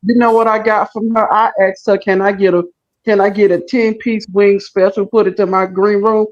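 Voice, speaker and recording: A man's voice: high voice, flat delivery, moderate pace, highs cut off. A man co-hosting a show in comic banter, sounding demanding and self-important. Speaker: show co-host. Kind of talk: comedic banter in a character voice.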